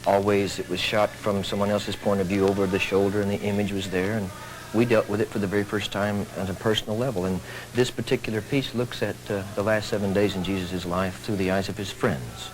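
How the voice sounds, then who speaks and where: A man's voice: on the low side, steady tone, brisk, a little hiss or hum, poor audio. A middle-aged man from Texas, a stage actor speaking earnestly, with dry humor, as a TV talk show guest. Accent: Texan.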